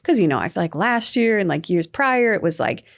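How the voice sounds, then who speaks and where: A young adult woman co-hosting a sports podcast, telling stories in a chatty, animated way with lots of fillers. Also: lowish voice, a little fast, vocal fry. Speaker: podcast co-host. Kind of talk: casual sports chat.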